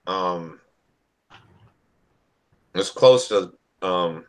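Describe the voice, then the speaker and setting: A man's voice: low-pitched, extremely slow, poor audio. A man rambling through anecdotes in a casual video call chat. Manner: rambling storyteller. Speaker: hangout participant.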